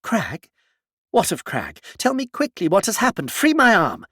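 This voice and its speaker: A man reading aloud, voicing a proud, composed woman who speaks with gentle reproach and cool courtesy. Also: sits high, huge pitch swings, unhurried, dry recording, clean studio sound, pitched above the performer's own voice, full character voice. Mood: alarmed.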